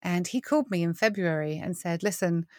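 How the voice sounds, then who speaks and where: A middle-aged worship leader from Britain talks a little fast in a lowish voice during a conversational podcast interview, captured dry with clean studio sound. She tells stories with lots of laughter and acts out quoted voices.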